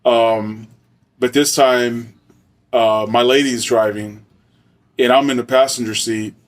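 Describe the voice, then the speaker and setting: A man's voice: medium pitch, steady tone, slow, recorded from a distance. Slangy, profane man telling a story. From Arizona, US. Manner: loose, slangy and profane, with frequent fillers. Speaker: storyteller, former soldier. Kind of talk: casual spoken storytelling.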